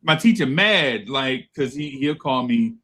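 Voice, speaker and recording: A man telling a childhood story in casual chat, animated and acting out voices as he goes. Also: mid-range voice, measured pace, breathy edge. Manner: animated, laughing storyteller who acts out voices. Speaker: podcast co-host.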